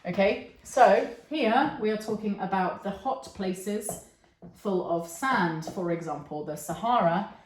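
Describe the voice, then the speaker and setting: A woman's voice: mid-range voice, unhurried. A woman teaching a lesson, patiently checking in with her learners as she explains. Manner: patient, checks in with okay and yeah. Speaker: English teacher. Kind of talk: online English lesson. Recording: echoey room.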